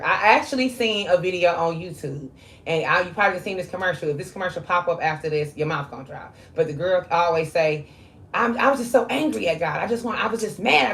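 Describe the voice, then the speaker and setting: Low-voiced woman in her 40s, chatty and candid, real loose with the um's. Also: slight background noise. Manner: candid and conversational, with frequent fillers. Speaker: spiritual reader. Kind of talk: casual spiritual monologue.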